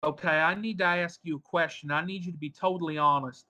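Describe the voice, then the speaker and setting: A man's voice: fairly high pitch, steady tone, fast, bright, forceful tone. A man putting on a Southern accent to read a pushy man coaxing a woman in a chat. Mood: wheedling. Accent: put-on American Southern.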